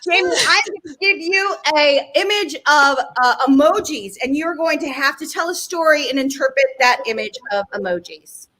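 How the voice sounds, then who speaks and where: A woman hosting an online comedy game over a video call, announcing briskly and upbeat. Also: sits high, animated, rough recording. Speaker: game show host. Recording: loud background noise.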